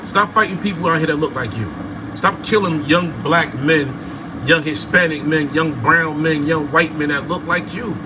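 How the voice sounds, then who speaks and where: A man's voice: a little high, background noise. A man hosting a casual livestream talk in an emphatic, repetitive, preachy manner. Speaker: livestream host.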